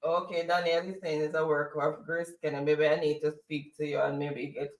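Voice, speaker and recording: A man from Jamaica with a Jamaican accent, co-hosting a casual chat and telling stories with lively retellings. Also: a little high, brisk. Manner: chatty storyteller, mimics others. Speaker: co-host. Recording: roomy, distant from mic.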